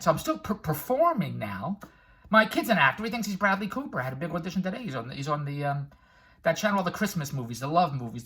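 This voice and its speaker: A man's voice: fairly high pitch, bright, forceful tone, breathy edge. An older man giving a brash, rambling motivational monologue full of tangents, laughing at his own jokes. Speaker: vlogger and infomercial producer.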